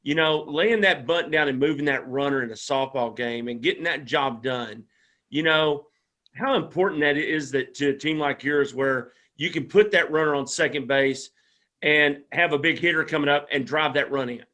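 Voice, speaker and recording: A man's voice: a little high, normal speed, bright, forceful tone. A man hosting a local sports show, asking chatty, folksy questions full of fillers. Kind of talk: casual sports interview.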